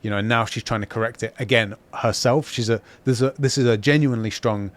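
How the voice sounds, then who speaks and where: A man co-hosting a podcast review, speaking at an ordinary middle pitch. He talks in a loose, animated way, restarting sentences and slipping into quick impressions of the characters as he recaps. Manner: animated, acts out quoted lines, frequent restarts. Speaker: podcast co-host. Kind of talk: casual review chat.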